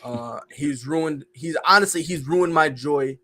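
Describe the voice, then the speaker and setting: A man's voice: fairly high pitch, unhurried, sharp tone. A man hosting a casual sports podcast, ranting and joking about wrestling and basketball. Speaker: podcast host.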